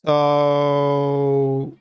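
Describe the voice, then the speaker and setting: A man's voice: a little high, completely flat delivery, very slow, smooth, dull audio. A man talking loosely through a live coding session, with many filler words and casual swearing. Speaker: software developer streaming his coding work.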